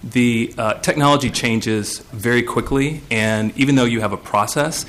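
A man's voice: medium pitch, moderate pace, a bit bright. A man testifying as a board nominee before a legislative committee, hesitant and searching for his words.

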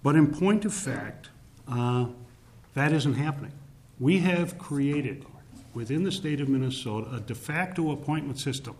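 Lively in intonation and a little mellow, a medium-pitched man testifies formally to lawmakers on a committee. He speaks with deliberate emphasis on key words, filling pauses with frequent "uh"s.

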